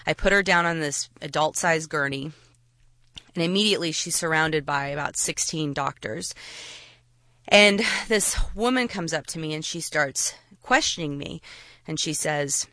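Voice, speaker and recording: Woman storyteller, bright and forward voice, dry close sound, halting delivery with restarts. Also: deep voice, no echo. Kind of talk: personal storytelling to an audience.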